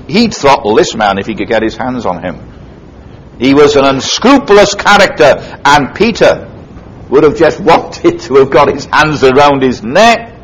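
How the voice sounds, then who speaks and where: A man's voice: a bit bright, slight background noise, poor audio. A man preaching a sermon, retelling a parable emphatically and dramatically. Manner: emphatic, dramatic retelling with sweeping pitch swings. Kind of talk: expository sermon.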